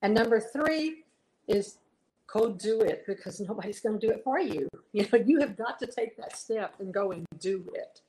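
A woman's voice: medium pitch, animated, moderate pace, dark tone, rough recording. A woman guest, a singer-songwriter, chatting earnestly in an interview and telling heartfelt stories with frequent restarts. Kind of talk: casual interview chat.

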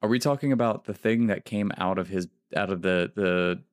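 A man with a deep, low voice talks casually on a podcast. He rambles, restarts his sentences and slips into playful quoted voices. The recording is dry and close. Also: normal speed, clear, resonant tone, no room sound. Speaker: podcast co-host. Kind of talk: casual chat.

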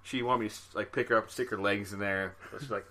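A man's voice: fairly low pitch, fairly even intonation, fast talker, pushed and bright. A man co-hosting a casual podcast, easygoing and often laughing as he talks. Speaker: podcast co-host. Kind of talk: casual chat.

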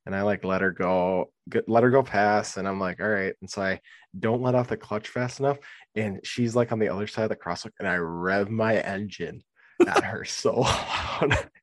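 Laid-back low-voiced man telling stories. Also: moderate pace, dry recording. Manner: rambling storyteller, laughs often. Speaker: podcast co-host. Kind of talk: casual chat.

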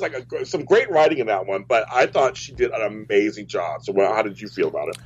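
Husky man rambling on lo-fi audio. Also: lowish voice, lively intonation, quick pace. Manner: rambling, many restarts. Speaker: soap opera show host. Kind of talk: casual chat. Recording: dull lo-fi audio.

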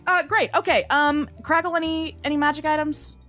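A woman playing in a tabletop game, excitable and quick to laugh, swearing casually. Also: high voice, faint music behind. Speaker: player.

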